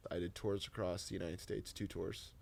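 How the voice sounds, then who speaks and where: A young man, a Christian influencer guesting on a podcast, telling stories in an animated way and dropping to a whisper for quotes. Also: low voice, moderate pace, gravelly, slight background noise. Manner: animated storyteller, drops to a whisper when quoting. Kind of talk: casual chat.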